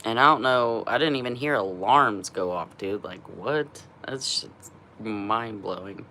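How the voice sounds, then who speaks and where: Middle-aged woman rambling on her vlog, feeling rough, laughs a lot, swears, bright tense voice, a little hiss behind. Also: rumbling low, expressive, normal speed. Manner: laughs often, swears freely. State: unwell, rough from a cleanse. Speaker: vlogger. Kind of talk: casual chat.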